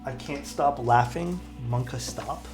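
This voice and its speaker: A young man building keyboards on a live stream answers chat while working with his hands, with faint music underneath. His mid-range voice is unhurried, and his friendly, loose talk is packed with likes, fillers, and restarts.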